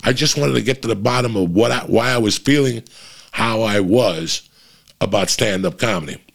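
Middle-aged man, very low and husky, casual foul-mouthed monologue. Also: normal speed. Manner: profane, rambling, frequent restarts.

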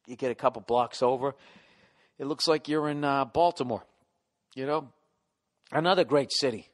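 A man's voice: mid-range voice, moderate pace. Ranting Boston man, profane podcast host. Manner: profane, ranting, yelling at times. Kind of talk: solo comedic podcast rant.

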